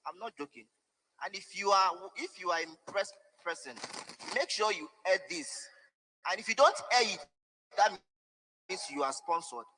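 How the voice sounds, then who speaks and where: A young man with a very high, piercing, sharp voice. He speaks, pleading and defiant, his emotion pushing through every line. The sound rings out with the long reverb of a large hall. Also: lively intonation, moderate pace, a little hiss or hum. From Nigeria. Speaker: press conference speaker. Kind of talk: impassioned public statement.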